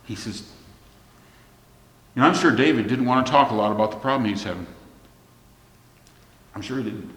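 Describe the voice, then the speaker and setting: Preaching a sermon in an echoey hall with long reverb, a man tells stories and quotes scripture. His voice is medium in pitch and fairly bright, and he speaks at a moderate pace with long pauses, sometimes dropping to a near whisper.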